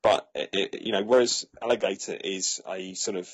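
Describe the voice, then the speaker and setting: A man's voice: deep voice, steady tone, moderate pace, husky. A man casually reviewing a film, talking with many fillers and restarts. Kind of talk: casual chat.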